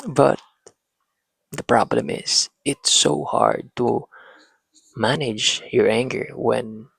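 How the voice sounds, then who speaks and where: Man, slow parenting-talk host, gravelly husky voice, dry close mic. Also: mid-range voice, fairly bright tone, dry recording, low-quality recording. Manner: talks to himself, pauses and restarts. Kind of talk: slow reflective monologue.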